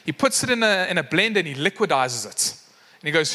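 A man's voice: on the high side, very animated, quick pace, pushed and bright. A man preaching a sermon, telling a story with acted voices and lots of fillers. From South Africa. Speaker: pastor. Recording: long hall reverb.

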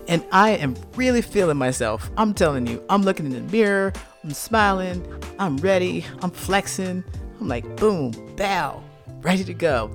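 Man telling a story with lively, animated delivery. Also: fairly high pitch. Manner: animated, acts out heated arguments. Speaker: speaker giving a talk. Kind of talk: public talk with personal storytelling.

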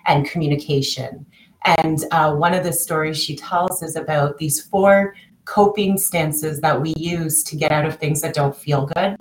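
A woman's voice: deep voice, steady tone, a little slow, reverberant, slight background noise, poor audio. A woman talking as a podcast guest, telling personal stories in a chatty way with many restarts. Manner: chatty, many restarts, acts out quoted voices. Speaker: guest, coach working with clients. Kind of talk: podcast interview, personal storytelling.

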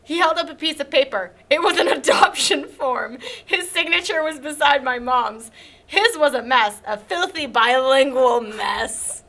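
A woman's voice: sits high, expressive, measured pace, a bit bright. A young woman from Canada reading a silly fan story aloud, often breaking into laughter and chatting between lines. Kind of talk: casual dramatic reading with commentary.

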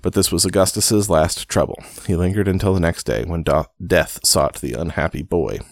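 Deep-voiced man reading aloud, wry asides. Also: gravelly, no echo. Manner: wry, self-deprecating asides between read passages; reads slowly with frequent fillers and restarts. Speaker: reader and commentator.

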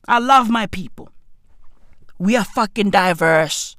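A woman's voice: mid-range voice, takes it slowly, pauses often, a bit bright, no room sound, clean studio sound. A South African woman telling a comic story in a profane rant, asking "right?" again and again.

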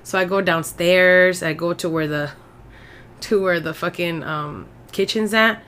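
A woman's voice: fairly low pitch, fairly even intonation, unhurried, fairly bright tone. A woman co-hosting a podcast from Mexico, telling stories in casual chat and switching between English and Spanish with lots of swearing. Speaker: podcast co-host.

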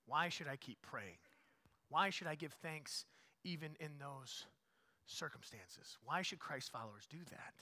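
A man leads his congregation through a sermon as pastor. His voice sits a touch high and rings bright and forceful. He drives repeated phrases to loud emphatic peaks, then sinks into low, hushed asides. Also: animated, unhurried. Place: church.

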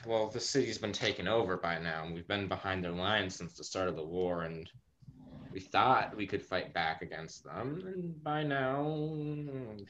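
A man voicing a worn-down male resistance fighter in a tabletop game, speaking haltingly with many pauses. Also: lowish voice, fairly bright tone, lightly acted. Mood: weary. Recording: muffled call audio with faint noise.

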